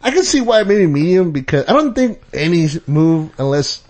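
Rambling podcast guy, slightly high voice. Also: moderate pace. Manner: rambling, repeats words, animated jumps in pitch. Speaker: podcast co-host. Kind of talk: casual chat.

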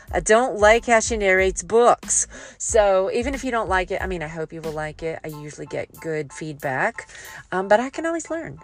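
A woman host giving a casual devotional talk, chatty and joking and going off on tangents. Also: lowish voice. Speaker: audiobook narrator.

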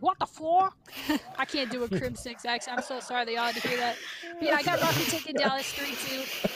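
A woman hosting a casual esports podcast, chatty and upbeat, making match predictions and thanking her guests. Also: sits high. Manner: upbeat, chatty, quick asides. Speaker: podcast host.

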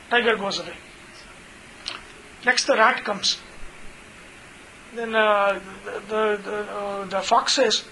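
A man's voice: sits high, unhurried, pauses often, bright, forceful tone, a little hiss or hum, low-quality recording. A man teaching an informal scripture class, chatty, full of "you know" and retold stories. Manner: chatty, many fillers, retells stories.

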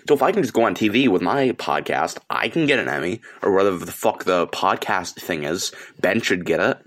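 A man's voice: deep voice, lively intonation, fairly quick, few pauses, fairly bright tone. A teenage boy from upstate New York hosting a solo podcast, delivering an angry, profane, rambling rant. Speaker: podcast host.

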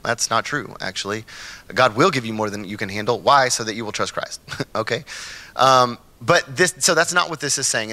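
A man preaching a casual, conversational sermon as pastor, often checking in with his listeners and acting out the people in his stories. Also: mid-range voice. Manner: animated storytelling, acts out quotes; frequent tag questions like "right?" and "okay?". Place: church.

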